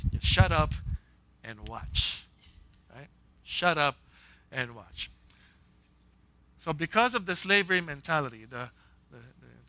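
A male pastor preaching an animated, humorous sermon and acting out quoted voices. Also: on the high side.

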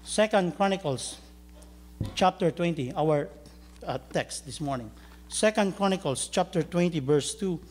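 A man's voice: a little high, animated, a little slow, a little mellow. A man preaching a sermon, telling a story and joking with his congregation. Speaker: pastor.

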